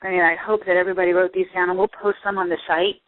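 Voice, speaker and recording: A woman's voice: lowish voice, little pitch movement, racing. A woman podcast host who talks in a gushing, effusive way while interviewing her guest. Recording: tinny phone-like line.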